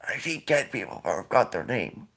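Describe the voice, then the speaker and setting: A man's voice: fairly low pitch, sing-song, brisk, gravelly, a bit bright, husky, voice pushed down, exaggerated voice. A man doing a whispery, doddering old president. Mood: confused. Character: doddering elderly male president, forgetful.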